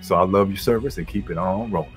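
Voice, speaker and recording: A man's voice: sits low, fast talker, loud music behind the voice. A man, talking as a podcast guest in a laid-back, rambling, slangy way. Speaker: guest, guild leader. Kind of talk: casual podcast interview.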